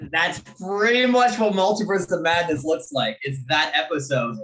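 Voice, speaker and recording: Male host, high and bright, animated laughing storyteller, casual chat. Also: moderate pace, poor audio. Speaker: podcast host.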